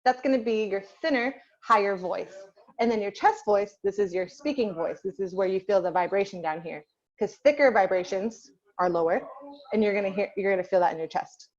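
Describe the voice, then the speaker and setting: A woman's voice: medium pitch, a little fast, a little mellow, muffled recording. A woman voice teacher leading an online group lesson over a video call, patiently asking the class questions and waiting for answers.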